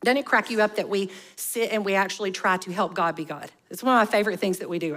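A woman's voice: mid-range voice, fast talker, a bit bright. A woman, preaching a conversational sermon full of rhetorical questions. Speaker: pastor.

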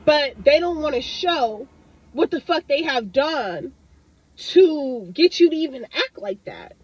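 A woman's voice: high-pitched, lively intonation, slow pace, no echo. A woman giving a heated, profane tarot reading to a collective audience, swearing hard and hammering her points with emphasis. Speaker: tarot reader. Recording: dull lo-fi dry sound.

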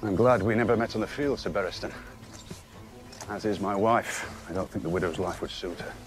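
A courteous noble lord, played by a man, with a fairly low voice and a dry, wry way of speaking. Music plays clearly behind him. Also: brisk, close to an everyday voice.

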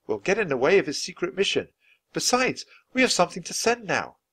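A man's voice: high-pitched, sing-song, brisk, a bit bright, slightly rough, voice pushed up, heavily acted. A man voicing a cautious, worried young boy in a storybook reading. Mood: anxious. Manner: earnest, anxious.

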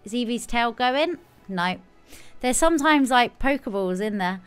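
A woman game streamer talks casually as she plays, breaking into sudden excited squeals. Her voice sits high and sounds smooth and clean. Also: unhurried, soft background music. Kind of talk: casual live gameplay commentary.

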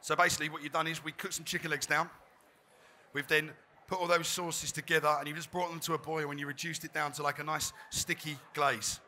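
Bright chatty chef at a demo. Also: male voice, a little high, flat delivery, fairly quick, slight background noise. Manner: chatty, joking, self-deprecating. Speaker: chef giving a cooking demonstration. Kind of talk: live cooking demo talk. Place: trade fair demo stage.

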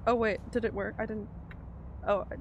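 A woman's voice: mid-range voice, fairly even intonation, moderate pace, a little mellow, lo-fi sound, slight background noise. A woman streaming a video game, chatting casually, laughing often and answering her chat. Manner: chatty, giggly, reads chat aloud.

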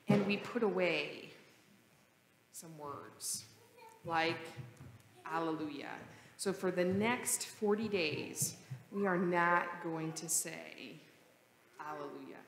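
A woman pastor speaks in a church sanctuary, her mid-range voice carried by long, roomy reverb. She reads scripture steadily, then turns lively and playful with the children gathered up front. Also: mid-range voice, slight background noise. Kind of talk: gospel reading and children's sermon.

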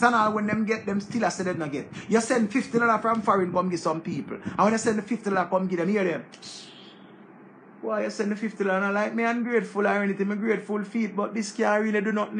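A man's voice: high voice, a little hiss or hum. A man with a Jamaican accent, giving a casual, preachy monologue full of repetition. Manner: preachy, repetitive, animated rant. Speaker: commentator.

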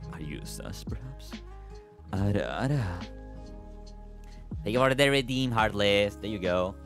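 A young man streaming, chatting casually with viewers, thanking them, giggling and swearing now and then. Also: on the low side.

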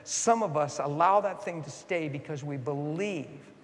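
A male guest preacher tells a story from the pulpit, his voice sitting a little high for a man. He swings from hushed, intimate asides to loud, impassioned peaks. The sound carries the long reverb of a church sanctuary. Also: measured pace, slight background noise. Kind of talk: storytelling sermon.

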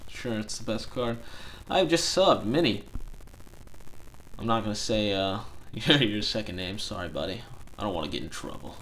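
A young man casually chatting on a live stream from home, chatty and excitable. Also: on the low side, slight background noise. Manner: chatty and excitable, laughs easily. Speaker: card-collecting streamer. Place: home room.

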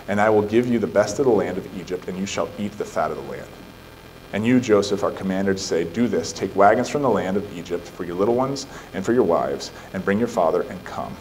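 A male pastor preaching a sermon, building emphatic rhetorical questions and then reading scripture aloud at a steady pace. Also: fairly low pitch, slight background noise, rough recording. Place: church sanctuary.

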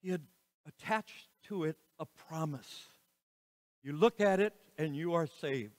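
A man preaching a sermon as pastor, slow and emphatic, with dramatic rises and falls in his voice. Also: on the high side, a little mellow. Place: church sanctuary. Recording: reverberant church hall.

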